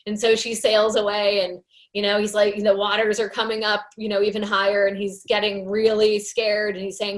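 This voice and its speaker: A woman's voice: mid-range voice, monotone, moderate pace. Earnest woman leading a casual recovery workshop. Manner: conversational, many fillers, earnest. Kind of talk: casual teaching talk with book reading.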